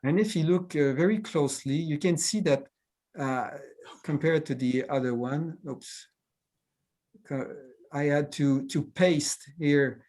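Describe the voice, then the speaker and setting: A man's voice: on the high side, measured pace, a little mellow. French-accented man talking over a video call. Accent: Québécois French. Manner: hesitant, many fillers and restarts, chuckling. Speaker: cartoonist.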